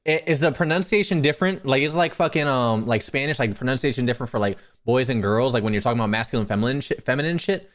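A man's voice: medium pitch, quick pace, hardly any pauses. A young man streaming casually, joking and swearing as he stumbles over new phrases. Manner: joking, profane, self-mocking. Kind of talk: casual livestream chat.

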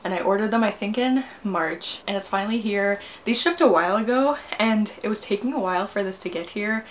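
A woman's voice: medium pitch, brisk, a little hiss or hum. Giggly young woman gushing over an unboxing. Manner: gushing, giggly, repeats "oh my god", drops to near-whispers. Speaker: booktuber. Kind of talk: excited unboxing vlog.

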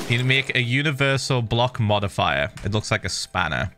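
A man's voice: fairly low pitch, expressive, normal speed, creaky, few pauses, pushed and bright, soft background music. A man chatting casually while playing a game, laid-back and humming to himself. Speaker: streamer. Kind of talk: casual chat while gaming.

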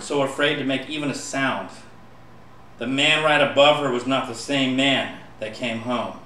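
A man performing spoken-word poetry, building from quiet storytelling to impassioned pleading. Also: mid-range voice, slight background noise. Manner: impassioned, rising to pleading shouts. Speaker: poet. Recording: echoey room from far off.

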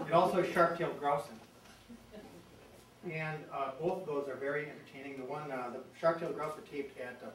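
A man's voice: fairly high pitch, a bit bright, a little hiss or hum. A man giving a playful birding talk, leading the audience in chants like a conductor. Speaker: guest presenter at a birding society. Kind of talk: lively public talk with group chanting. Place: meeting hall before an audience. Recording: echoey hall, mic at a distance, audience audible.

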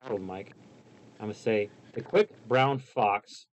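A man's voice: lowish voice, unhurried. A man hosting a home mic-test video, talking loosely and joking as he explains each step at his desk. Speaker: host testing microphones. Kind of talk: casual chat. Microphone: lavalier mic.

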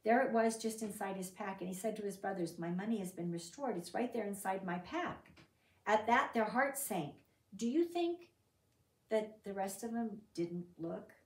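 A woman's voice: medium pitch, normal speed. Woman Bible study leader, conversational and questioning, recorded from a distance in a reverberant room. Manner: conversational, asks the group questions; reads scripture aloud with lively emphasis. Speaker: Bible teacher.

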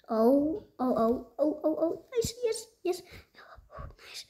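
A woman giving casual gameplay commentary, excitable and easily frustrated, swinging between loud outbursts and whispers. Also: high voice, slow pace. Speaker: gaming video creator.

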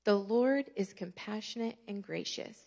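A woman's voice: medium pitch, unhurried, vocal fry, darkish tone. A woman in her thirties preaching a passionate sermon as a guest speaker, with emphatic bursts of intensity.

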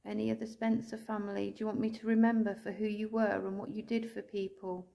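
An English woman ghost hunter calling out to spirits indoors, speaking slowly and tenderly, sometimes tearful, recorded on a handheld camera. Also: mid-range voice, level tone, vocal fry. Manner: soft, pleading, slow and tender, calling out with endearments. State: tearful at times.

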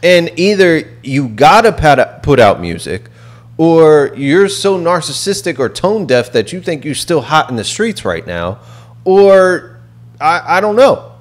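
A man on a podcast with a lively, swinging pitch. He talks bluntly and gets fired up, swearing freely as he rants. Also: unhurried. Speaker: podcast co-host. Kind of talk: casual chat.

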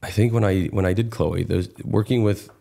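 A man's voice: low-pitched, normal speed, gravelly, mellow. A man in his thirties, a guest actor, talking casually in an interview with many fillers and restarts.

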